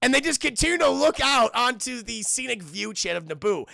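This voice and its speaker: A man streaming a crude, excitable film review, talking to his chat and laughing often. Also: very high-pitched, brisk, gravelly, no room sound, clean studio sound. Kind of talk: casual livestream commentary.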